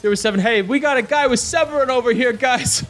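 A man voicing a suspicious male kobold soldier who stammers out quick questions. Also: very high-pitched, a bit bright, faint music behind, voice pushed up.

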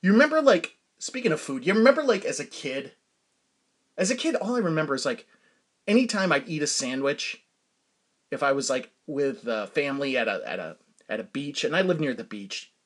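Guy from massachusetts rambling on his podcast, kinda high voice that jumps around a lot, keeps laughing. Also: big pitch swings, a little fast. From Massachusetts, USA. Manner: rambling storytelling with frequent laughs. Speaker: podcast host. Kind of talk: casual solo monologue.

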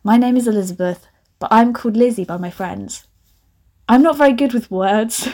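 A woman reading her own teen story aloud, voicing a posh, quiet teenage schoolgirl in an exaggerated posh voice. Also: mid-range voice, brisk, lightly acted. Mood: prim.

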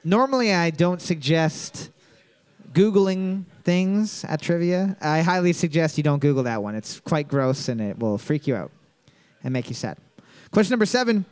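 A woman's voice: low-pitched, lively intonation, normal speed, darkish tone. A woman hosting a casual trivia night, reading each question twice and trading crude, teasing banter with a co-host.

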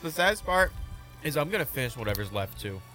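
A young man co-hosting a casual, crude podcast, rambling and laughing, sometimes breaking into sung shouts. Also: mid-range voice, very animated, fast talker, soft background music. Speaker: podcast co-host.

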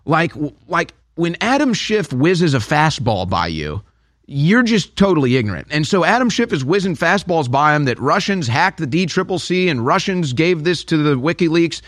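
Higher-voiced male show host. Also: sing-song, normal speed, a bit bright, dry recording, studio quality. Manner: conversational, uses sports metaphors. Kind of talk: casual interview conversation.

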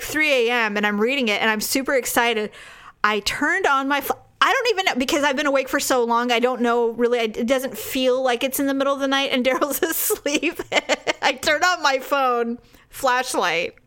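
A woman's voice: high voice, normal speed, fairly bright tone, clear, resonant tone. A woman co-hosting a podcast, telling a long, rambling story with frequent laughter in casual chat. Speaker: podcast co-host.

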